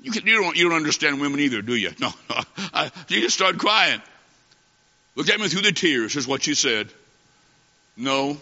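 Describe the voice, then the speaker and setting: A man's voice: fairly high pitch, sing-song, normal speed, bright, forceful tone. A man preaching a revival sermon, telling a story and then calling on his congregation with emphatic, repeating phrases. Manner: emphatic, repetitive, calls to congregation. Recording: dull audio with long hall reverb.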